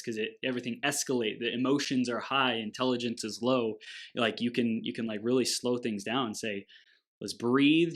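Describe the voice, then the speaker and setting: A male podcast host in a relaxed interview, giving frequent short affirmations. He reflects ideas back in an easy, attentive manner at a middle pitch. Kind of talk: casual interview.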